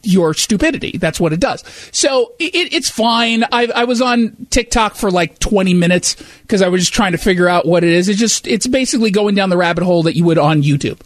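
High-voiced sarcastic male talk show host. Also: animated, brisk, no echo. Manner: sarcastic, mocking. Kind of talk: opinionated talk show commentary.

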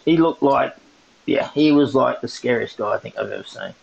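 A man's voice: mid-range voice, normal speed, creaky. A man telling a story in a casual chat, laughing often as he goes. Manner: laughing often, animated retelling. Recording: muffled lo-fi sound.

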